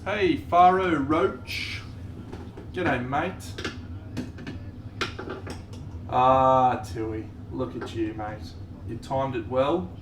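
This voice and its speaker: A man talks in a relaxed, unhurried way while greeting viewers on a live stream. His pitch sits in an ordinary middle range. A steady hum of noise runs behind his voice. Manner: greets chat viewers while painting a model, laid-back. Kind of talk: casual live-stream chat.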